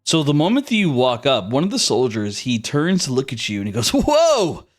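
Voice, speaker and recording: A man's voice: mid-range voice, big pitch swings, a little fast. A man narrating a tabletop game as game master, with easygoing, descriptive storytelling.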